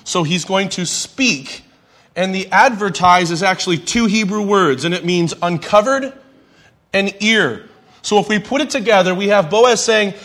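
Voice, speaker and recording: A man's voice: sits high, normal speed, fairly bright tone. A man teaching a Bible class in a conversational way, asking the audience questions and adding light humor.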